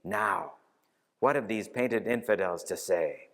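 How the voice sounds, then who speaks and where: A man voicing a gruff proud knight. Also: fairly low pitch, takes it slowly, a bit bright. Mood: triumphant. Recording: reverberant church hall.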